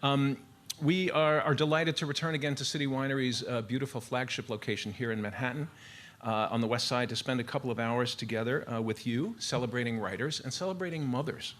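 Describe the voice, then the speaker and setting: A man's voice: mid-range voice, fairly quick. A man introducing a live storytelling show on stage, formal with frequent filler sounds. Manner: warm formal emcee delivery with frequent "uh" fillers. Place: live venue with audience.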